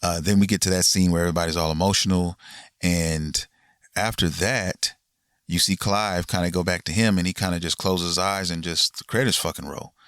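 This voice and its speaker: A man with a very low voice talks through a game's ending in a loose, rambling podcast chat. He swears often and leans on fillers. The sound is dry and close, with little room echo. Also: steady tone, fairly quick, fairly bright tone, smooth. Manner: laid-back, rambling, frequent swearing and fillers. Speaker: gaming podcast host. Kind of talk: casual chat recapping a game ending.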